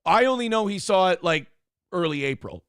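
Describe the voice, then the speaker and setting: Male morning show host with a slightly high voice, dry close recording, rambling and swearing as he tells a story. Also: animated, moderate pace, fairly bright tone, clear, resonant tone, dry recording. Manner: profane, rambling, acts out quotes in other voices. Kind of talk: casual storytelling monologue.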